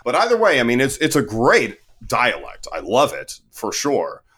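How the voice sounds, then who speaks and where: A man co-hosting a casual film review chat, joking in a deadpan way. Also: mid-range voice, moderate pace, slightly rough. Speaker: podcast co-host.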